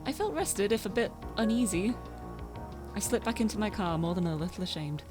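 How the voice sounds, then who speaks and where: A woman's voice: mid-range voice, animated, fairly quick, lightly acted. A woman reading first-person game narration as a tired young driver, reflective and a little uneasy, over faint game music.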